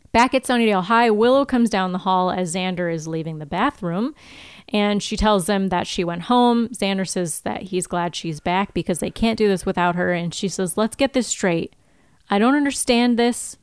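Smooth-voiced chatty woman podcaster. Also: mid-range voice, moderate pace, dry recording, studio quality. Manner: chatty, laughs often, many "like"s. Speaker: podcast co-host. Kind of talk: casual chat recapping a TV episode.

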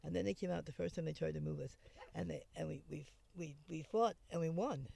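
Gravelly dark-voiced woman telling her story. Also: low voice, fairly quick. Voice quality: gravelly, rambling with many restarts. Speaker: interviewee, former homeless camp resident. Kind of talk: conversational storytelling.

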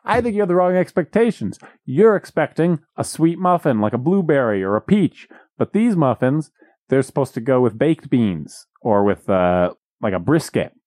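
Brief: young male podcast co-host, animated pitch, wry teasing tone, dry close mic. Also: normal speed, dry recording. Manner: wry, teasing, laughs easily. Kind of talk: casual comedic chat.

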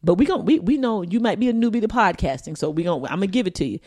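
A woman co-hosting a casual podcast, sassy and animated, laughing often as she reads a listener email. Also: medium pitch, fast, no room sound, studio quality. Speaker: podcast co-host.

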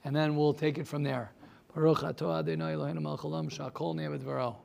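Man, high-pitched, yeshiva teacher, animated classroom talk, rhetorical questions. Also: quick pace, gravelly.

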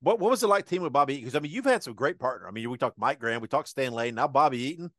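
A man hosting a podcast who asks interview questions rapidly and eagerly, restarting his sentences. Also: mid-range voice, lively intonation, a bit bright, no echo, studio quality. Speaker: podcast host.

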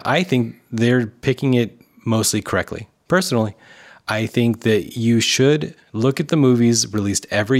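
A man co-hosting a casual talk show, opinionated and talkative, often acting out other people's lines. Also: on the low side. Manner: opinionated, talkative, acts out quotes. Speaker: podcast co-host. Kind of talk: casual chat.

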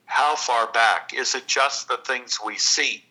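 Bright-toned storyteller man from Texas. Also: mid-range voice, rough recording. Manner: unhurried, reflective, with long pauses. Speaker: guest actor and storyteller. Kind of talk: reflective interview storytelling.

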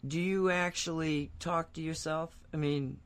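A woman's voice: low-pitched, fairly even intonation, unhurried. A woman hosting a spiritual radio show, chatty and self-deprecating, asking her guest open questions. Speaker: radio host. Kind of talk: casual interview chat.

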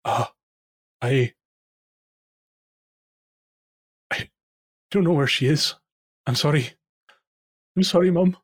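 A man voicing a frightened, traumatized old male dwarf who talks haltingly, with many repeats. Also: a little high, husky, pitched above the performer's own voice. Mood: grieving. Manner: halting, stammering, full of repeats.

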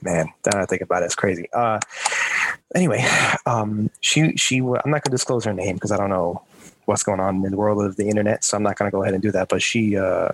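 A man's voice: lowish voice, fast talker, husky, no echo. A man telling a rambling story in casual chat on a podcast video call, with many fillers. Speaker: podcast co-host.

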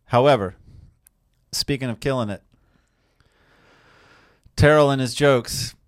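A man's voice: medium pitch, slow, no echo, clean studio sound. A man hosting a fishing podcast, talking casually and joking with his co-host before bringing in a guest.

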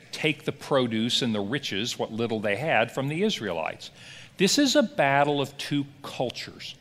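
A man who is a pastor, teaching a Bible class as an animated, conversational storyteller who asks rhetorical questions. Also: mid-range voice, long reverb tail. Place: church hall or classroom.

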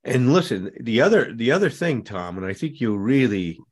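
A man's voice: mid-range voice, normal speed, slightly rough. A man hosting a conversation about recovery, talking emphatically and acting out angry lines as examples. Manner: animated, emphatic, acts out angry quotes. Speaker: host.

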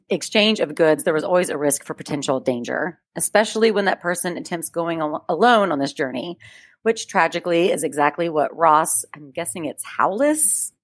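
A woman with a somewhat low voice reads a true-crime story aloud for a podcast. She keeps it casual, dropping in chatty asides and laughing between facts. The close mic gives a dry sound with almost no room. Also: no room sound. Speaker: podcast co-host.

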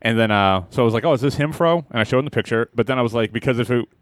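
A man's voice: mid-range voice, steady tone, racing, dry recording. A man co-hosting a podcast, cracking jokes and laughing often in casual banter. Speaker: podcast co-host.

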